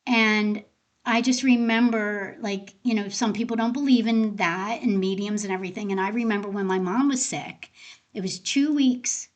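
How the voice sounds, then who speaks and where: A woman speaks as an interview guest, an end of life doula sharing personal stories in an easy, chatty way. Her voice sits in an ordinary middle pitch. She acts out the people she quotes as she tells each story. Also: lo-fi sound. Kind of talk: casual conversational storytelling.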